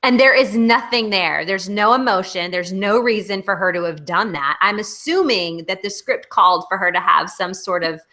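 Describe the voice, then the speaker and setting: A woman's voice: medium pitch, normal speed, few pauses, bright, forceful tone. A woman co-hosting a casual online hangout over a video call, critiquing bluntly and with emphasis. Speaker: co-host.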